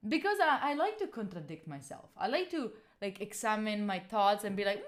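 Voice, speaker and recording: This Italian woman in her twenties streams live, speaking Italian-accented English a little fast in a mid-range voice. She chats frankly and animatedly with viewers, swears freely, and reads and responds to chat.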